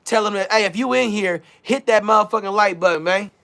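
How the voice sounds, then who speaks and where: A man's voice: high voice, a little fast, creaky, sharp tone. A man hosting a casual livestream, talking loosely in slang, hyping his chat and reading their messages aloud. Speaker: livestream host.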